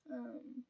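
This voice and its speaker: A young woman talking quietly to the camera at home at night, rambling and often clearing her throat, checking in with "right?". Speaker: vlogger. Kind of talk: hushed confessional monologue to the camera. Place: at home at night, parents downstairs.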